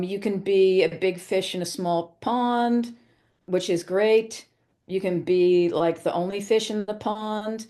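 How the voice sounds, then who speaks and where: A woman's voice: lowish voice, mellow. A woman flutist being interviewed on a podcast, explaining things in an informative, conversational way with occasional ums. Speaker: flutist guest.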